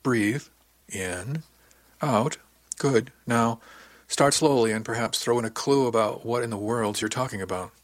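A man voicing a wry, gentle woman section chief. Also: mid-range voice, unhurried, no room sound, lightly acted. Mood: gently steady. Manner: gentle, steady, teasing.

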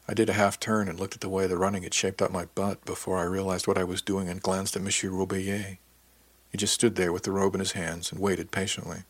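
A man giving a measured, introspective first-person audiobook narration. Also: deep voice, husky, dry recording.

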